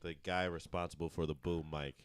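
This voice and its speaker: Low-voiced young man telling a story. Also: little pitch movement, a little fast, no echo, studio quality. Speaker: podcast co-host. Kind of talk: casual chat.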